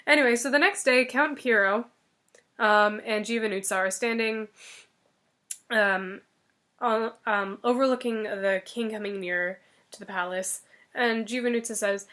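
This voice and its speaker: A woman's voice: fairly high pitch, a little slow, bright, forceful tone. Chatty woman retelling a fairy tale. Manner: chatty, joking, many fillers. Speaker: storyteller.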